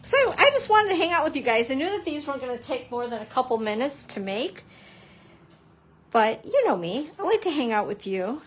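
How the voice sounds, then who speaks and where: A woman's voice: high-pitched, big pitch swings, fairly quick, a little hiss or hum. A woman papercrafting instructor chatting through a casual live-stream craft demo, playful and self-mocking with joking asides.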